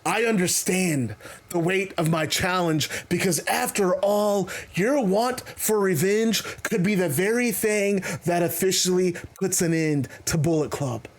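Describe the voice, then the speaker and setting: Man voicing a sneering heel wrestler, high, mocking. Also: a little slow. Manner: taunting, mocking. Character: smug scheming male wrestler, taunting.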